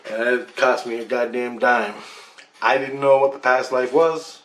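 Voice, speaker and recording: This vlogger's voice is mid-range and fairly bright, with fairly level intonation and a slightly slow delivery. He relates his past-life recall as a casual, emphatic personal story, swearing and starting over at times. It was recorded on a webcam, with a roomy echo.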